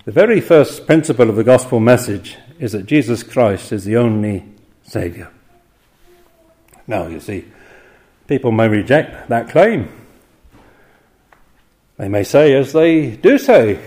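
A man preaching an evening sermon, earnest and emphatic, posing rhetorical questions and slowing down to quote scripture. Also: mid-range voice, expressive, a little mellow.

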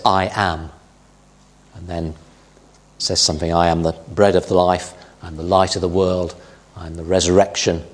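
Middle-aged male preacher, low husky voice, measured sermon delivery with emphatic quotes. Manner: measured Bible teaching, quoting scripture with emphasis.

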